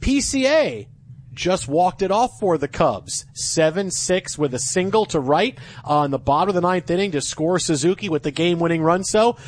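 An excitable man hosting sports talk radio with a high, lively voice. He jokes with his co-host and bursts into loud cheers. His talk is quick and full of casual fillers.

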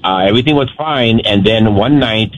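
Guy on radio, lowish voice, earnest and warning folks. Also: normal speed, muffled recording. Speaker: radio co-host. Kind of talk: casual radio talk.

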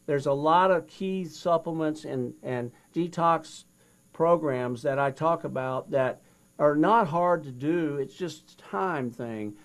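A man's voice: a little high, slow pace. An older man, a guest in an interview, retelling his past with feeling and acting out both sides of a conversation. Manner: animated retelling, acts out both sides of a dialogue. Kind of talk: storytelling interview.

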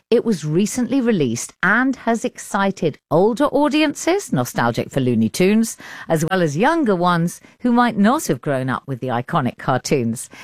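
A woman with an English accent presenting a radio arts programme, with a lively, expressive delivery. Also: fairly low pitch, dry recording, clean studio sound. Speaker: radio arts show host. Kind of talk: broadcast presenting.

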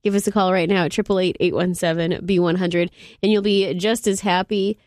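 A woman's voice: lowish voice, steady tone, a little fast, darkish tone, dry recording, clean studio sound. A woman hosting a radio morning show, upbeat and laughing as she promotes a ticket giveaway. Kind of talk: radio talk and contest promo.

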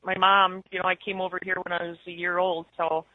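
A woman's voice: on the low side, flat delivery, brisk, dry recording. A woman caller with an Upper Midwest American accent, chatting casually and rambling, laughing easily, over a muffled phone line. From born in Germany, raised in Wisconsin. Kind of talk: casual call-in chat.

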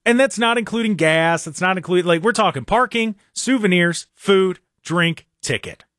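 A man's voice: sits high, lively intonation, normal speed, a bit bright, no echo. Give me a young man, heatedly ranting as a sports talk host, close and dry. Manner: exasperated, heated and emphatic.

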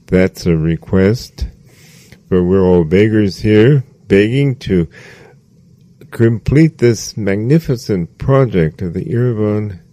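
A man with a low, mellow voice gives a slow, measured sermon. He repeats his phrases for emphasis. The recording is dry and close. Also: no room sound. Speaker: spiritual teacher.

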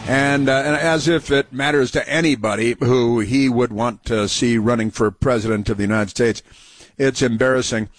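A man hosting a talk radio show, sarcastic and mocking, talking in halting bursts with many fillers and restarts. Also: medium pitch, steady tone, no echo, faint music behind. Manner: sarcastic, mocking, interjects over clips. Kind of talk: opinionated talk radio commentary.

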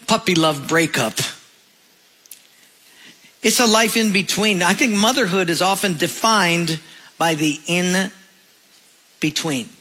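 Bright, high-voiced male pastor preaching. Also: rough recording. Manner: storytelling with humor, voicing characters in anecdotes. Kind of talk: sermon.

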